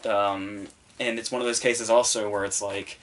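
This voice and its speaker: A man's voice: lowish voice, level tone, moderate pace, a bit bright. A man hosting a podcast, giving casual solo commentary in a rambling, profane way full of fillers. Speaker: podcast host reviewing the Oscars.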